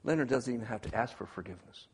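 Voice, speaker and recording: A man preaching a sermon, swinging between hushed, quiet passages and loud, emphatic ones. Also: mid-range voice, rapid-fire, breathy edge, big-room sound.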